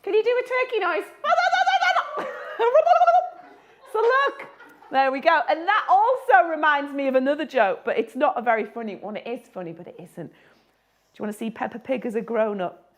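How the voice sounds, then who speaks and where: A woman's voice: high-pitched, expressive, a little fast. A woman who illustrates children's books, chatting and joking as she teaches children to draw. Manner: chatty, jokey, talks to children. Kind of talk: live drawing tutorial for children.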